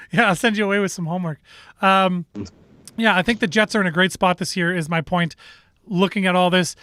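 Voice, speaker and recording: A man's voice: high-pitched, steady tone, a little fast, pushed and bright, no echo. A man with a Canadian accent co-hosting a sports show, talking casually and rambling with restarts and strong opinions.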